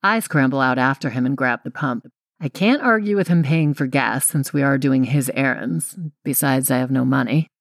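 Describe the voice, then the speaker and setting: A woman's voice: extremely low pitch, moderate pace, dry recording. Young woman narrator, wry first-person audiobook read, dry close studio sound.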